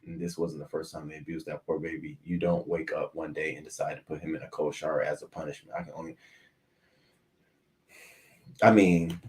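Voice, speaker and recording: A man hosting a casual morning news livestream from a swivel chair at home, animated and swearing, talking back to viewer comments. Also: very deep voice, brisk, pauses often. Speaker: host of a morning news show.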